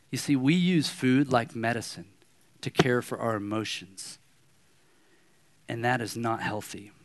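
A man in his thirties preaching a sermon as a pastor, telling personal stories in a conversational way and acting out anger. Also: a little high. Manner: conversational storytelling, animated when acting out anger.

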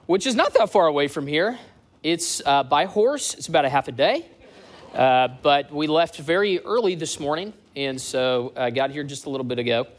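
Lively man telling a story to a church crowd. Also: a little high, moderate pace. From US East Coast. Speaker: church community director.

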